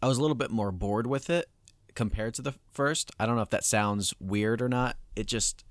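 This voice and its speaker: A man's voice: mid-range voice, a little fast, no room sound. A man co-hosting a podcast, talking casually in a hesitant, rambling way with lots of fillers. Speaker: podcast co-host. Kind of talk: casual chat.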